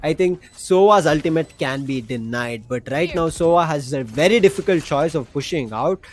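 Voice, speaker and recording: A male co-caster with a slightly high voice gives analytical color commentary on a college esports match, explaining strategy between plays. There is a faint hiss of noise behind him. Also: expressive, normal speed.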